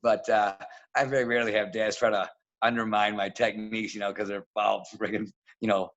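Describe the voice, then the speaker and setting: Blunt storytelling wrestling coach, lo-fi. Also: male voice, fairly low pitch, brisk. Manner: blunt, animated, acts out quotes. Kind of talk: casual interview storytelling. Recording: dull lo-fi audio.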